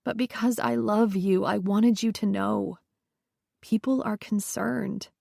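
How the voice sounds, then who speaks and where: Brief: a gentle, uneasy social worker friend, voiced by a woman reader, quiet and dry. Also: medium pitch, fairly even intonation, slow pace, vocal fry, dry recording, exaggerated voice. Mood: placating. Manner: soft, hedging and placating.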